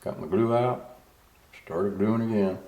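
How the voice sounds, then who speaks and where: An older man with a very low, deep voice spins a rambling, folksy story, full of asides. His voice sounds roomy and echoing, as if he were in a bare room. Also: unhurried, dark tone. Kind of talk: casual spoken story, voice-over. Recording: roomy echo.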